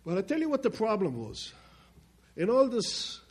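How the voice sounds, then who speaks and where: A man telling a personal story in plainspoken speech, swinging between loud emphatic bursts and quiet low passages. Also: wildly swooping pitch, moderate pace, breathy edge. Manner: plainspoken, with restarts and loose grammar. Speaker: speaker telling his life story.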